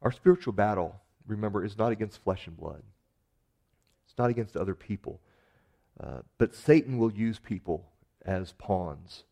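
A man preaching a sermon in an earnest manner, building to emphatic rises and sinking to soft, quiet endings. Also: fairly low pitch, vocal fry. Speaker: pastor.

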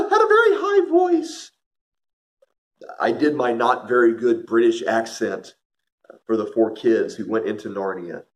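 A middle-aged man giving an earnest devotional talk, telling stories and speaking straight to his listeners. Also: medium pitch. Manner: earnest, storytelling, addresses listeners directly.

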